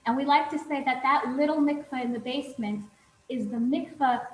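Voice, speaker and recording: A woman telling family stories as an interview guest, animated and using frequent "um" fillers. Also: high voice, moderate pace. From Charlotte, North Carolina. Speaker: rebbetzin and teacher, interview guest. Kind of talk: storytelling in a casual interview. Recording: echoey room with faint background noise.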